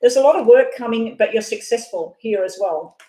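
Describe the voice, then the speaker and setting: A woman doing a live tarot reading, talking fast and rambling off on side chats. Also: on the high side, mellow. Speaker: tarot reader. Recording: echoey room.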